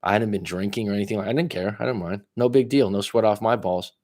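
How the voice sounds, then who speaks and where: A fast-talking life coach gives off-the-cuff, foul-mouthed, blunt advice on a livestream. He aims it straight at one viewer, bouncing between loud stresses and low side remarks.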